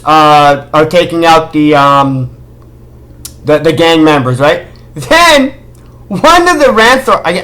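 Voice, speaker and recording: A slow, deliberate vlogger tearing into a movie. The voice sits at a middling pitch and keeps circling back to sarcastic disbelief, firing off rhetorical questions. It sounds fed up and scolds the filmmaker directly. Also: a bit bright. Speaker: film critic vlogger. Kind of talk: casual ranting film critique.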